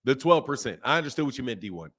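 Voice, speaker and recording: Racing along in a medium-pitched voice, a man hosts a casual boxing stream. He's animated and full of slang, reading viewers' chat comments aloud and reacting.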